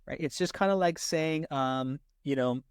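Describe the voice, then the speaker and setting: Male tutor, casual lesson delivery, habitual "right?" checks, slightly high voice, dry close sound. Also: clear, resonant tone, no echo. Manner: repeats "right?" after nearly every point; slows down to stress example sentences. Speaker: SAT tutor. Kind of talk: casual teaching explanation.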